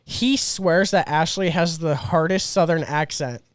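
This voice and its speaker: An American man co-hosting a podcast, chatty and quick to laugh. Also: a little high, smooth, no echo. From United States. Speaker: podcast co-host. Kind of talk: casual chat.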